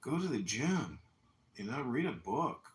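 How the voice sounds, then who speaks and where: A man's voice: medium pitch, sing-song, unhurried, echoey room. A man hosting a casual livestream chat, blunt, mocking and profane. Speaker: livestream host and candidate. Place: room at home.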